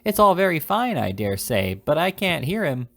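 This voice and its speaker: A man voicing a deaf, crotchety old grandmother in an audiobook reading, speaking loudly and indignantly. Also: fairly high pitch, sing-song, normal speed, pitched above the performer's own voice. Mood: querulous. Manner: loud, querulous and indignant.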